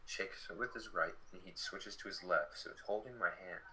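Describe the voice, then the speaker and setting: A man's voice: low-pitched, normal speed, a little hiss or hum, rough recording. A young man in his late teens telling a story in a casual, chatty way, full of fillers. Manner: chatty, many fillers, lively retelling.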